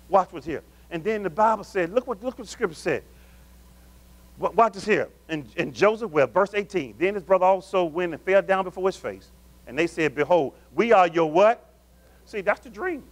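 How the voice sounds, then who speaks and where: Man, pastor, sermon, high voice, call-and-response, loud then hushed. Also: animated, moderate pace. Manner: call-and-response preaching, asking the congregation questions; swings between loud emphatic calls and low murmurs.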